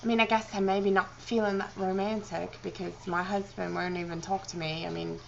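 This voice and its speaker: A woman vlogging about books in a deliberately put-on British accent, rambling and poking fun at herself with plenty of "I mean" and "like". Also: medium pitch, flat delivery, creaky, muffled recording, slight background noise. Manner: rambling, self-mocking, heavy on fillers like "I mean" and "like". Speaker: book vlogger. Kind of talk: jokey rambling vlog.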